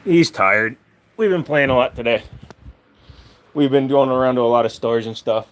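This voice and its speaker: A man's voice: mid-range voice, moderate pace. A man hosting a casual livestream, easygoing and chatty. He reads out viewer messages and answers them in a loose, conversational way, now and then cooing at his dog. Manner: chatty, talks baby-talk to his dog. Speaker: livestream host.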